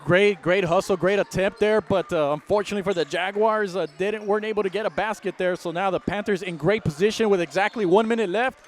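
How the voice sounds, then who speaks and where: A man providing color commentary on a basketball game, relaxed and analytical with some filler words. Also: high voice, fast talker, few pauses, slight background noise.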